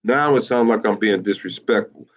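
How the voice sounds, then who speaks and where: A man, teaching in a sermon style, halting and repeating himself, with many fillers and rhetorical questions. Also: lowish voice. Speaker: teacher of a religious group. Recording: muffled lo-fi recording.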